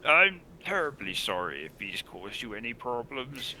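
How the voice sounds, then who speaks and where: A man voicing a quiet, weary middle-aged father in a tabletop game, speaking softly and politely. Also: medium pitch, very animated, normal speed, creaky, slight background noise, exaggerated voice. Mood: subdued. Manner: soft-spoken and polite.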